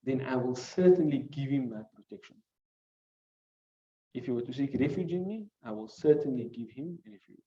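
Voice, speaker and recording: Male teacher, mellow higher voice, recites Arabic and explains it, muffled roomy classroom recording. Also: lively intonation, moderate pace. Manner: explains word by word, asks rhetorical questions; recites classical Arabic phrases between English. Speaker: teacher of hadith commentary. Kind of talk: classroom lesson. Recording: muffled recording in echoey room.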